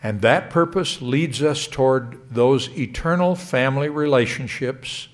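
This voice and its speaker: A middle-aged man delivering a sermon to a congregation in a measured, emphatic way. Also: medium pitch. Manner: measured, lively rising emphasis. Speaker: church speaker.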